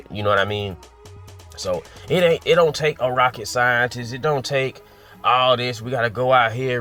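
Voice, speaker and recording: A man's voice: lowish voice, a bit bright. A man giving a casual opinion rant about gaming, profane and exasperated, firing off rhetorical questions. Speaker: gaming commentator.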